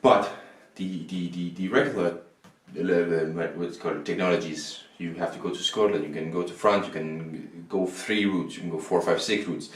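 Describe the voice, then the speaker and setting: Dude explaining a board game, low voice, rambly, restarts a lot, echoey room. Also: male voice, fairly even intonation, normal speed. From Denmark. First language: Danish. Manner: rambling, restarts often, self-deprecating asides. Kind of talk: casual explaining of game rules and opinion. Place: indoors at a table. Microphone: camera mic, self-recorded. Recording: roomy echo, faint background noise.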